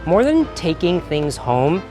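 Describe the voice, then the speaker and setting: A man's voice: on the high side, wildly swooping pitch, takes it slowly, music in the background. A man hosting a vlog, chatting with enthusiasm while browsing an indoor antique market and reading tags aloud. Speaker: vlog host. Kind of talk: casual vlog chat.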